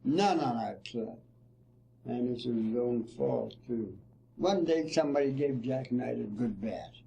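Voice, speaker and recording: A man's voice: mid-range voice, measured pace, vocal fry, mellow, slight background noise. An older man, a former ball player, telling folksy stories in an interview. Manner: folksy storytelling, "see?" and "you know". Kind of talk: reminiscing interview.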